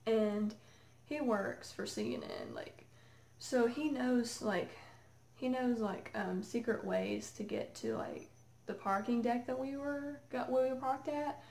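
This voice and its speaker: A woman excitedly telling a rambling story to camera, full of fillers. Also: on the high side, unhurried, vocal fry. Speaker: vlogger. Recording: echoey room.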